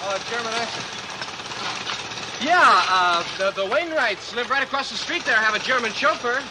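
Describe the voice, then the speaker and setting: An eager, chatty young man in a 1950s film, volunteering help in a very high voice. Clear street and traffic noise sits behind him on the old soundtrack. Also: expressive, moderate pace.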